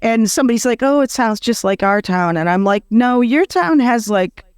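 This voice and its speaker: A woman's voice: on the high side, expressive, moderate pace, a little mellow, clear, resonant tone, dry recording, clean studio sound. A woman hosting a podcast, chatting casually with rambling asides and frequent laughs. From Western New York. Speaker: podcast host. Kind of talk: casual interview chat.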